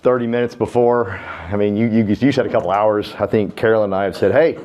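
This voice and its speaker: A man's voice: on the low side, steady tone, fast, darkish tone. A man giving a casual, folksy, self-deprecating business talk, telling jokey stories about himself. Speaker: real estate business speaker. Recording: dull lo-fi sound.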